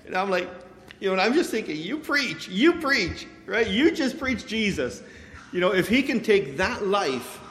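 Animated man preaching in an echoey hall. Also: high-pitched. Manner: animated storytelling with quoted voices, many fillers. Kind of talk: sermon. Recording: echoey hall with long reverb.

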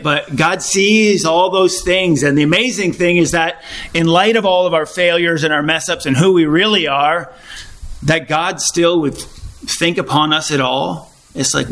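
Speaking to a small congregation in an informal sermon, a man uses a fairly high, fairly bright voice. He keeps it conversational, restarting sentences and clearing his throat frequently.

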